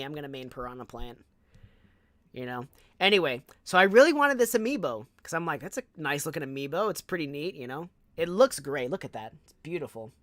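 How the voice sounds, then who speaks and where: A young Southern Californian man is streaming and telling a casual story, animated and chatty, with plenty of fillers and asides. His voice is a little high, and there's no echo.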